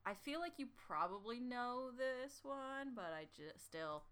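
A woman's voice: fairly high pitch, expressive, a little slow, fairly bright tone, clean tone. A woman in a casual chat, laughing often and teasing in exasperation over odd spellings. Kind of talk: casual chat, pronunciation game.

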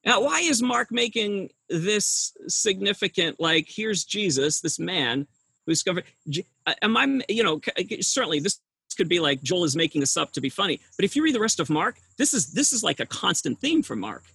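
A man's voice: sits high, sing-song, normal speed, creaky, sharp tone, breathy edge, no echo. A middle-aged male pastor preaching a sermon, telling the story with humor and asking his listeners frequent rhetorical questions.

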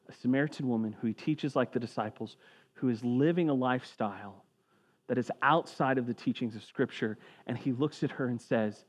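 A man preaching a sermon in a relaxed, conversational way, sinking low and quiet when he reads scripture aloud. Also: moderate pace. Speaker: pastor.

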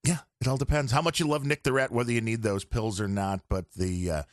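A man's voice: mid-range voice, fairly even intonation, brisk, dry recording, studio quality. A man guesting on a podcast, chatting casually and rambling on about audio gear.

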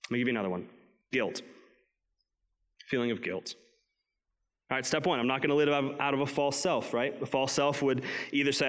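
Male pastor, sermon, conversational preaching, middle pitch. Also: brisk, long pauses, a bit bright, long reverb tail. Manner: conversational preaching, acts out inner voices.

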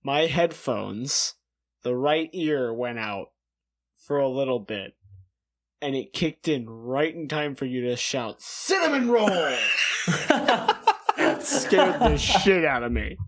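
A co-host making slow, dry interjections in casual chat. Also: medium pitch, animated. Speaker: co-host listening.

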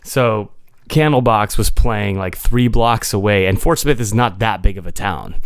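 A man's voice: fairly low pitch, a little slow, clean tone, no room sound, studio quality. A man on a podcast telling a casual, rambling story about a gig, often restarting his sentences and chuckling. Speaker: podcast co-host and gigging musician.

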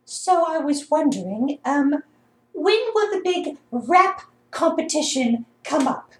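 A genteel, prissy older British lady put on by a man, with a very high, fluting voice. She sounds fussy and refined. The room around her is roomy and echoing. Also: expressive, takes it slowly, heavily acted. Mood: prim. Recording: roomy echo.

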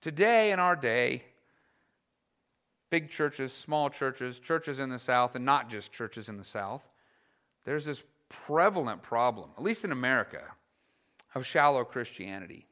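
A male pastor preaching a sermon, blunt and animated, who slips into mock voices of grumbling churchgoers. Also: fairly high pitch, normal speed.

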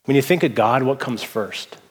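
A man from the Seattle area, a pastor giving a casual, story-filled sermon with relaxed fillers. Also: mid-range voice, moderate pace, slightly rough, big-room sound. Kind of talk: conversational sermon.

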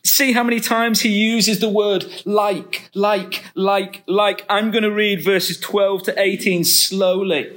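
A man preaching a sermon, reading scripture and reflecting slowly and deliberately. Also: sits high, fairly even intonation, fairly bright tone.

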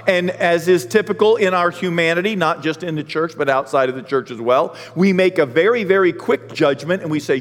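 A male pastor preaching a sermon, animated, acting out the voices of people in the story. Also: on the high side, a little fast, in a large hall. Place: church sanctuary.

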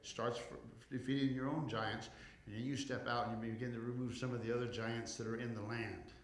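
Male pastor, mid-pitched, preaching with slow emphatic build-ups, reverberant church. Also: steady tone. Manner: preaching with rising intensity, slowing for emphasis; calls for congregation response. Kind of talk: sermon.

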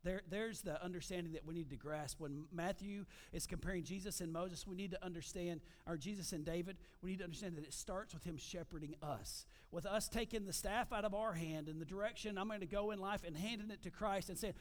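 A man preaching a sermon as pastor, animated, with frequent asides to the congregation. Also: sits high, a little fast, hardly any pauses.

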